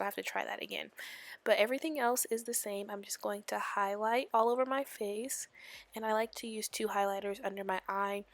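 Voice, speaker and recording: Late at night at home, a young woman beauty vlogger with a mid-range voice records a chatty makeup tutorial voiceover in a loud whisper, packing it with "like" fillers.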